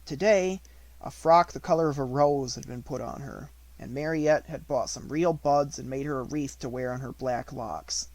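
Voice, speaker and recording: Expressive male audiobook reader, dry sound. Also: mid-range voice, dry recording. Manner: measured, expressive storytelling. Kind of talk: reading a novel aloud.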